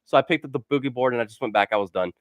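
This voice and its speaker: A man's voice: medium pitch, very fast, no echo. A man telling funny stories for a casual vlog. He rambles and fills his sentences with "like", and laughs at his own stories. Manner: rambling, full of "like" fillers. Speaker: gaming channel host.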